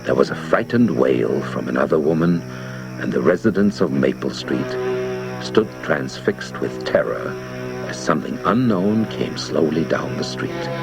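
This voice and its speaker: A man giving dramatic, expressive audiobook narration. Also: extremely low pitch, unhurried, creaky, loud music behind the voice. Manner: theatrical, expressive.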